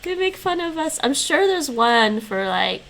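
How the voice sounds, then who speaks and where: A woman's voice: sits high, sing-song, measured pace, fairly bright tone. A woman streaming, chatting casually and laughing often as she reacts. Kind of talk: casual live-stream chat.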